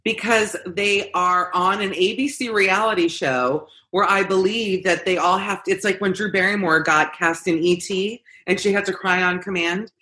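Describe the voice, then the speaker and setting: A woman's voice: mid-range voice, moderate pace, hardly any pauses, sharp tone. A woman co-hosting a podcast, making wry, joking asides in casual chat. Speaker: podcast co-host.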